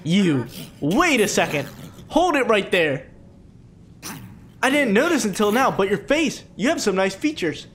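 A man's voice: sits high, very animated, unhurried, pauses often, a bit bright, exaggerated voice. A man reading aloud the lines of a flamboyant, eager male ghost film director in a theatrical way. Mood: flattering. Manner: theatrical, grandiose.

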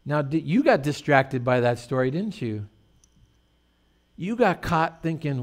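A man's voice: a little high, very animated, a little slow. A middle-aged male pastor preaching a sermon in a conversational, storytelling way with rhetorical questions.

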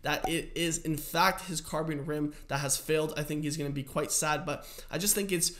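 A man's voice: a little high, steady tone, moderate pace, fairly bright tone. A man hosting a cycling channel, giving chatty, amused, explanatory commentary on a video.

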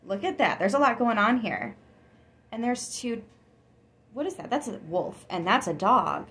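A woman giving a casual tarot reading, chatty and excitable, with frequent gasps and laughs. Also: a little high, unhurried. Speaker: tarot reader.

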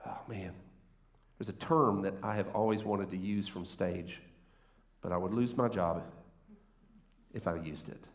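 A man's voice: low-pitched, a little slow, pauses often. A man preaching a sermon from a church stage, playful and conversational, teasing the congregation as he talks. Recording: roomy church echo.

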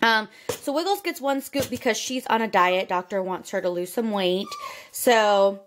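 A young woman with a drawl chatting casually through a home vlog, rambling with lots of fillers and switching to a high cooing voice for her pets. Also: normal speed, a little hiss or hum. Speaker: vlogger.

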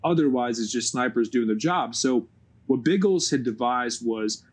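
A man's voice: medium pitch, lively intonation, normal speed, husky. A man, a former Navy SEAL guest, telling profane, funny stories from his service in a casual chat. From United States. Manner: profane, laughing storyteller. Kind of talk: casual storytelling.

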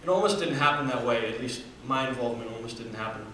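A man's voice: mid-range voice, quick pace, sharp tone. Young man, earnest student speaker, from Namibia; recorded in a very reverberant hall from a distance, faint room hum. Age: 20s. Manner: earnest storytelling with fillers and restarts. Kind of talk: personal story talk. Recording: echoey hall from far off.

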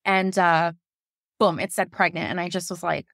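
A woman in her thirties telling a personal story on a podcast, laughing often and acting out quotes in a higher voice. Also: steady tone, normal speed, vocal fry, a bit bright, no echo, studio quality. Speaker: podcast guest. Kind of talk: casual storytelling.

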